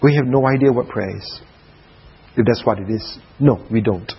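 A man preaching a sermon at a prayer retreat, dramatic, dropping to soft hushed passages. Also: medium pitch, normal speed, creaky, breathy edge, muffled recording.

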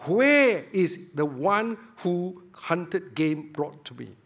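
A man's voice: high-pitched, very animated, slow, fairly bright tone, heavily acted. A man preaching and briefly voicing a blind, trembling old father who asks agitated questions. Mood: bewildered.

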